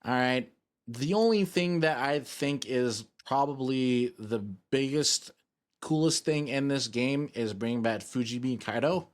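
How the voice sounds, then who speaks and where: Male streamer, mid-range voice, casual rambling, self-mocking humor. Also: medium pitch. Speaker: VTuber streamer. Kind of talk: casual live-stream chat while gaming.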